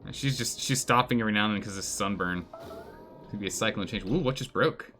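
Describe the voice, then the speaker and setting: A man giving live commentary on a colony game, animated and exclaiming, pleading with his characters. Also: lowish voice, fast talker, faint music behind. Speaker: streamer playing a colony game.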